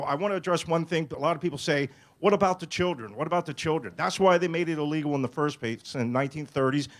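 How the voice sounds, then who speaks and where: A man addressing a public meeting, building up with mock-alarmed quotes and forceful delivery. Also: mid-range voice. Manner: mocks alarmed voices, rising and forceful. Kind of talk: public speech. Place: meeting hall.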